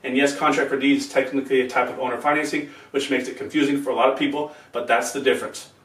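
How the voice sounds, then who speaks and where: A quick, plainspoken man explains real estate terms step by step in a casual video. His voice sits at a middling pitch and carries some room echo, picked up from a little way off the mic. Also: little pitch movement, a bit bright. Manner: quick, plainspoken, walks through an example step by step. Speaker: real estate investing channel host. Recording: roomy sound from a distance off the mic.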